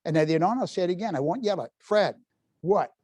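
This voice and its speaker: A man in his seventies runs a parenting workshop in a library meeting room. His voice sits a little high and sounds dry and close. He talks in a lively, folksy way and keeps asking the audience questions. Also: very fast, no echo. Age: 70s. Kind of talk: live workshop talk to parents.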